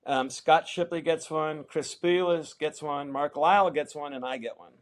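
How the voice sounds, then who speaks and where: Middle-aged American man, casual interview guest, slightly high voice, lively storyteller who acts out the people he quotes. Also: normal speed. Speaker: interview guest, champion kayaker.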